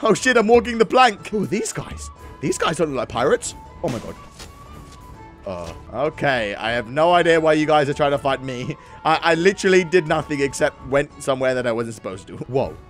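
Excitable young man, wildly swinging pitch. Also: a little fast. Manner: excitable, loud yelps and sudden jumps between high and low. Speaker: gaming YouTuber. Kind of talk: gameplay commentary. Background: game music.

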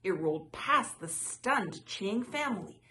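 A woman reading a children's picture book aloud in a soft, measured way. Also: mid-range voice, lively intonation. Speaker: storyteller.

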